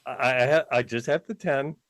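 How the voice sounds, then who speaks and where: A man's voice: medium pitch, moderate pace, a bit bright, no echo, clean studio sound. A man co-hosting a podcast in casual chat, talking about himself in a self-deprecating way with frequent restarts, over a home microphone. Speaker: podcast co-host. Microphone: home podcast mic, remote.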